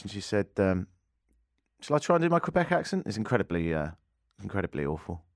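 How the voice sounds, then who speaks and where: A man's voice: lowish voice, sing-song, fast talker, darkish tone, dry recording, studio quality. A man with an English accent, hosting a radio show with joking, self-mocking banter. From England. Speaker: radio host. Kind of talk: casual radio chat. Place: radio studio. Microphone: studio microphone.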